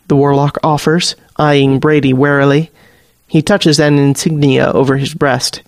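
A man reading a fantasy story aloud as the narrator, in a steady storytelling delivery. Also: fairly high pitch, unhurried, vocal fry, no room sound. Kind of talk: audiobook fiction narration.

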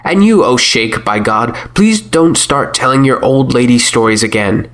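A man's voice: medium pitch, lively intonation, moderate pace, a bit bright, close to an everyday voice. A man reading a story, voicing a blunt, plainspoken village woman with a scolding edge. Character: blunt, strong village woman chewing quat. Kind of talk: audiobook character voice.

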